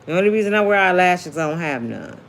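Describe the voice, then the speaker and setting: A woman's voice: lowish voice, lively intonation, fast talker. Sassy chatty woman hosting a livestream. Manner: chatty, sassy, reads viewer comments aloud. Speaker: celebrity gossip livestream host. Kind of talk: casual livestream chat.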